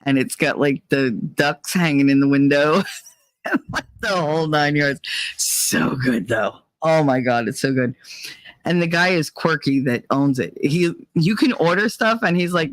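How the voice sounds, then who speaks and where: A woman's voice: on the low side, animated, moderate pace, no room sound. A woman hosting a casual chat show, telling stories in a blunt, profane way. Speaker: host.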